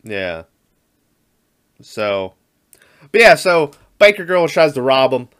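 A man's voice: mid-range voice, sing-song, takes it slowly, a bit bright, smooth. A man co-hosting a podcast, casually recapping a movie, rambling and laughing often. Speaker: podcast co-host.

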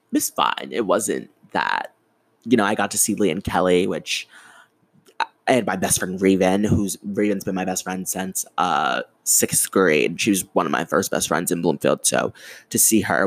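A young man in his twenties hosts a casual solo podcast, telling a story in an animated, swearing rant. His voice sits low with a gravelly edge, yet it leaps high and drops back constantly. The recording is dry and close to the mic. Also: dry recording. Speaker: podcast host.

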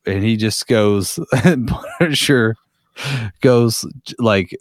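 A man's voice: fairly low pitch, takes it slowly, clear, resonant tone, no echo, clean studio sound. A man in a casual podcast chat, a profane, rambling storyteller.

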